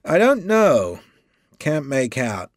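A man's voice: mid-range voice, huge pitch swings, takes it slowly, no room sound, clean studio sound, pitched above the performer's own voice. A man reading a chatty humble male secretary. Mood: hesitant.

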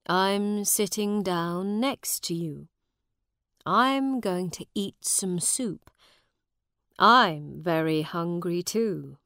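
A woman voicing a kind adult soldier who speaks gently and plainly. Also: on the low side, very slow, clear, resonant tone, no echo, clean studio sound, exaggerated voice. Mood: gentle.

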